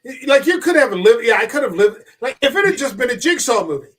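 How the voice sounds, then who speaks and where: A man's voice: very high voice, fast talker. A man hosting a casual film podcast, telling stories animatedly and swearing freely. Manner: animated, profane storyteller.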